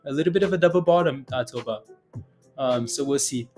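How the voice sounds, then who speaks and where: A man's voice: mid-range voice, brisk, darkish tone, soft background music. A man hosting a casual day-trading livestream, talking through charts and answering chat questions, rambling with frequent chuckles and fillers.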